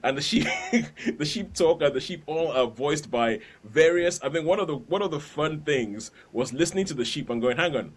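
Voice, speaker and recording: A man's voice: a little high, lively intonation, fairly quick, few pauses. A man hosting a podcast, chatting casually about films and laughing between points. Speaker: podcast host. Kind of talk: casual film review chat.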